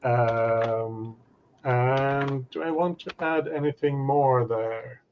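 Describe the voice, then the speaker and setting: A man's voice: medium pitch, steady tone, takes it slowly, a little hiss or hum. A man hosting a casual planning chat, agreeable and easygoing, often saying yeah several times. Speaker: host. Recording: dull lo-fi audio.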